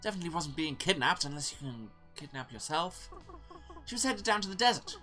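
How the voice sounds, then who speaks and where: A man's voice: on the high side, animated, brisk, bright, forceful tone, soft background music, pitched above the performer's own voice. A man voicing a chatty, laid-back male woodland local in a video game, easygoing and folksy. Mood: casual.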